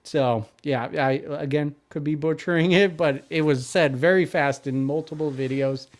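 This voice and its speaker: A man's voice: a little high, normal speed. A man co-hosting a podcast, reading through follow-up notes in casual chat with fillers. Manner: reads notes and lists, hesitant with fillers. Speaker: podcast co-host.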